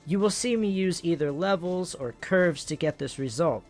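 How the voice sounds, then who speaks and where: Host, male, slightly high voice, jokey running commentary over background music. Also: animated, moderate pace, a little mellow. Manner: playful, self-amused, talks to himself while working. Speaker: art tutorial host. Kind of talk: casual hands-on tutorial with joking asides.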